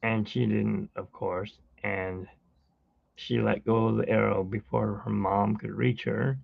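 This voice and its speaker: Very gravelly, tired man on a tinny line. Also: fairly low pitch, little pitch movement, a little slow, dry recording. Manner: rambling storyteller, hums while working. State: tired from little sleep. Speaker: artist hosting a live drawing stream. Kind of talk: casual live-stream chat while drawing.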